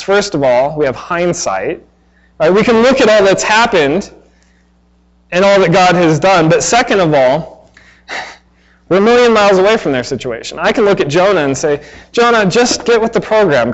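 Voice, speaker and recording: A man's voice: a little high, muffled recording. A man in his thirties preaching a sermon in a conversational way, acting out exasperated asides. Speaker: pastor.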